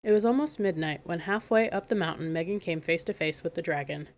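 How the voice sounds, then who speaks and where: Woman reading a storybook, slightly low. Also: brisk. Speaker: audiobook narrator. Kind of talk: storybook narration.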